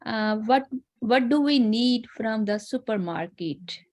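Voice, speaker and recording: A woman's voice: a little high, animated, takes it slowly, darkish tone. Hesitant woman learner on a video call. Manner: hesitant, careful repetition. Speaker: language learner.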